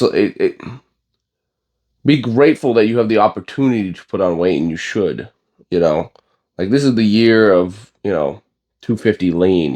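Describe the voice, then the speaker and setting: A young man with a low voice gives a casual gym vlog rant. He is blunt and profane and wanders through fillers and restarts. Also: a little mellow. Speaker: bodybuilding vlogger.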